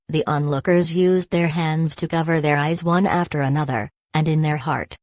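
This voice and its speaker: A woman reading a novel aloud as a narrator, in an even, measured manner. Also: low-pitched, no echo, clean studio sound. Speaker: audiobook narrator. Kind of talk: scripted narration.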